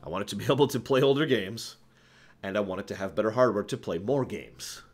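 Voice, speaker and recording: A man's voice: lowish voice, quick pace. A man answering viewer questions on a casual live stream, rambling, correcting himself and chuckling as he goes.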